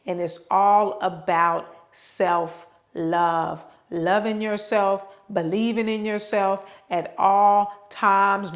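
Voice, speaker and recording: Emphatic woman preaching self-love. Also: mid-range voice. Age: adult with children. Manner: emphatic, repeats words for stress, drags her words; preachy, direct address to listener. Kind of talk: unscripted motivational talk.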